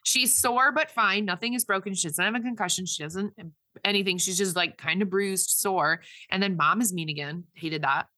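A woman talks through a movie's plot in casual chat, her voice bright and forward. She rambles, restarts sentences and fills gaps with "like" and "um." The sound is close and dry, with no room around it. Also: mid-range voice, normal speed, no echo. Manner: rambling, filler-heavy retelling with quoted voices.

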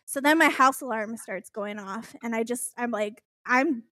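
A young woman telling a personal story in casual chat, animated and laughing, swearing as she goes. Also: a little high, moderate pace, no echo, studio quality.

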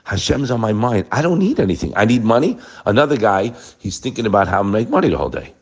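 A man's voice: fairly low pitch, very animated, quick pace, husky. A middle-aged man giving a short daily Torah talk, preaching with emphasis and weaving in Hebrew quotations. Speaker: Torah teacher.

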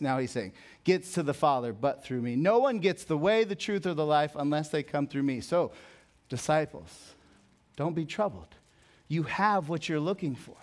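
A young man preaching a sermon as a pastor, conversational and jokey, telling stories, then dropping soft for emphasis. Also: a little high. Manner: conversational, jokey storytelling with sudden soft drops.

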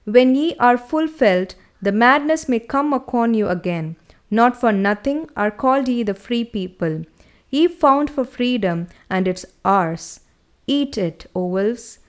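A woman's voice: a little high, lively intonation, a little slow. A woman doing a purring wise panther. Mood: calm warning. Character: sleek male panther, calm and wise.

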